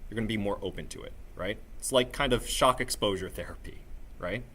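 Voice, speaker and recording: A man's voice: fairly low pitch, brisk, slight background noise. Upbeat man coaching a live workshop. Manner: energetic, coaxing, checks in constantly with "right?" and "okay?"; voice-coach delivery from a singing background. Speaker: workshop presenter.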